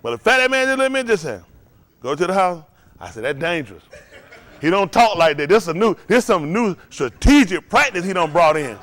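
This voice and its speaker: A man preaching, his voice sitting a little higher than most men's. He delivers the sermon with lively energy and acts out little scenes in different voices. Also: fairly quick. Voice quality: animated preaching with acted-out voices, laughing and shouting at times. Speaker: pastor.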